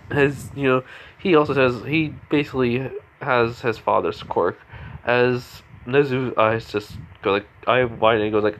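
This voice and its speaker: A man's voice: medium pitch, normal speed, a little hiss or hum. A man casually retelling a fan story, rambling with many fillers and restarts.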